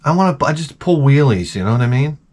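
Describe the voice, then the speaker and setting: A middle-aged man hosts his own channel, delivering a crude, profane comedic rant that lurches between mutters and shouts. He has a mid-range, expressive voice and talks fast.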